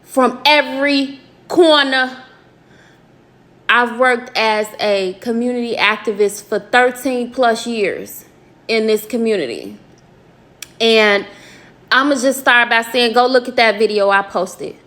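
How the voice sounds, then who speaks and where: A woman community activist from Minnesota, talking casually to her viewers in an animated, folksy way and calling them y'all. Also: a little high, measured pace. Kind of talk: casual reaction commentary.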